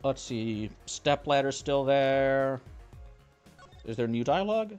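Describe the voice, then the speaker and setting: A man's voice: mid-range voice, animated, takes it slowly, darkish tone, smooth, lo-fi sound. A man casually reading a game aloud, adding playful, joking asides, over faint game music. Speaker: let's play narrator. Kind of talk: casual game read-along.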